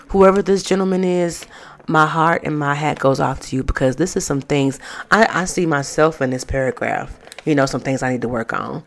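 Low-voiced woman in a candid casual chat. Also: vocal fry. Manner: candid and profane, with frequent fillers. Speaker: vlog host. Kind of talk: casual chat, reading out viewer advice.

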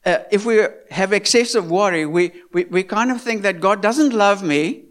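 A man's voice: sits high, normal speed. A man preaching a sermon in an earnest, repetitive manner, full of rhetorical questions and stumbling restarts.

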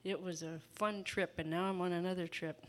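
Woman, informal sermon, folksy and chatty, frequent laughter, fairly low voice. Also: fairly even intonation, brisk. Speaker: preacher.

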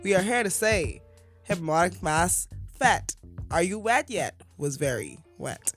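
Woman podcast host, teasing banter, very animated delivery, soft music underneath. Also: fairly low pitch. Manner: playful, teasing, quick to laugh.

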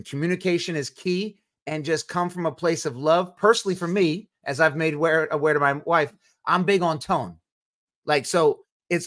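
A man's voice: fairly high pitch, a bit bright. A man hosting a podcast, speaking in a frank, earnest way about himself. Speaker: podcast host. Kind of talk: casual podcast chat.

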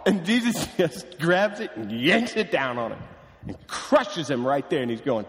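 Male pastor, sermon, high lively voice, hall reverb. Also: normal speed. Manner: animated, acts out quoted voices.

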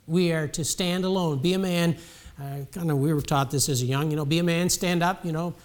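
A man's voice: fairly high pitch, fairly even intonation, quick pace, darkish tone. A male preacher giving a sermon in a conversational way, often repeating words as he restarts a sentence.

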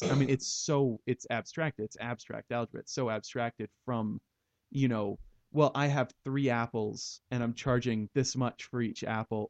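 A man with a mid-range, darkish voice hosts a casual math podcast, rambling from idea to idea and tossing in puns. The audio is dull, with no room sound.

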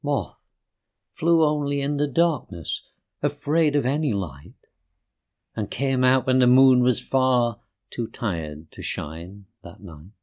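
Slow, gentle man reading rhyming stories. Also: mid-range voice, animated. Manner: gentle, unhurried, sing-song. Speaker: reader of children's poems. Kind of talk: rhyming storybook narration.

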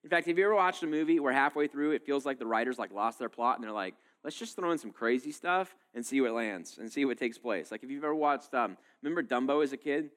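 A man in his thirties preaching a sermon in a casual, animated way, full of fillers and asides. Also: medium pitch, quick pace, few pauses. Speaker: pastor.

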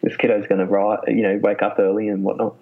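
Man, husky and low, energetic guest explainer, muffled lo-fi recording. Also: fast. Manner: animated, laughs often. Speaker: clinical psychologist guest. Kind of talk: casual interview talk. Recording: muffled lo-fi sound.

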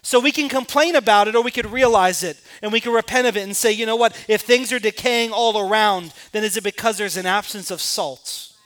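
Male pastor, sermon, high voice, bright tone, impassioned, emphatic. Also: brisk, hardly any pauses. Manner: impassioned preaching, rising to emphatic peaks and dropping to quiet asides.

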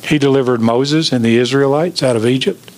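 A pastor preaching an emphatic sermon, asking the congregation questions. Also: male voice, medium pitch, brisk, darkish tone.

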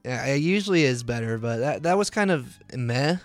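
A man's voice: mid-range voice, expressive, moderate pace, soft background music. Playful teasing man co-hosting a podcast. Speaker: podcast co-host. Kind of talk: casual podcast chat.

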